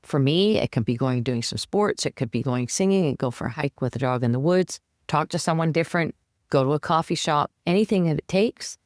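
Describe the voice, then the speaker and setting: Low-voiced woman coaching, animated. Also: fairly quick, no room sound, studio quality. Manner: animated, acts out her own inner voice. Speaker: coach, podcast guest. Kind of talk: conversational advice.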